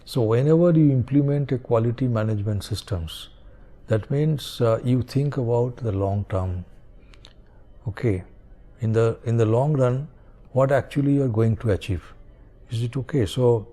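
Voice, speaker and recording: A man's voice: medium pitch, warm tone. A man giving a recorded university lecture, hesitant, with many fillers and frequent checks like "is it okay?".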